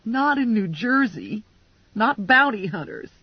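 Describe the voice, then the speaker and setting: A frazzled young bounty hunter, voiced by a woman reader, talks in a husky voice that leaps high and low. She sounds shrill and self-mocking, recorded dry and a little dull. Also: big pitch swings, measured pace, no echo, heavily acted. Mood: wry.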